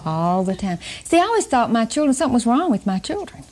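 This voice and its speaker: Older woman teaching the Bible, mellow voice. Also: on the high side, very animated, fast. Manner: chatty, laughs often, asks the audience questions. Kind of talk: folksy Bible teaching talk.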